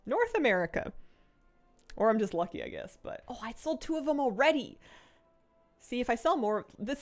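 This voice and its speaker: A young woman streaming a game, chatting casually in a rambling way and laughing often. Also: fairly low pitch. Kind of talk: casual chat while gaming.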